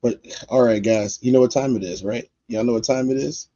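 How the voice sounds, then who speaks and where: A man's voice: medium pitch, a little fast, dark tone, no echo, highs cut off. A man hosting a livestream, chatting loosely and speaking straight to his viewers. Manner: loose, talks straight to chat, lots of fillers. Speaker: livestream host. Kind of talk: casual livestream chat.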